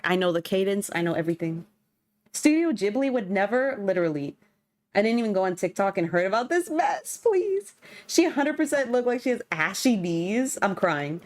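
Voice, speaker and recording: Young woman rambling excitedly over music. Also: medium pitch. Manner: animated, slangy, exclamatory rambling. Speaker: streamer. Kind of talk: casual chat while gaming.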